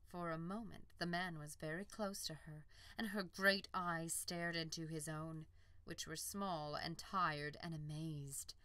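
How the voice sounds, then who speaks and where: Slow, bright-toned woman narrator. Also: low-pitched, no echo. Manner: calm, measured storytelling. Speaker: audiobook narrator. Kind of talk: scripted narration.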